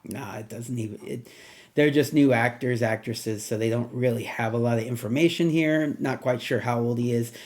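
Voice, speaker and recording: A man's voice: medium pitch, moderate pace, darkish tone. A man talking casually on his own as a movie reviewer, rambling and thinking aloud with plenty of ums and asides.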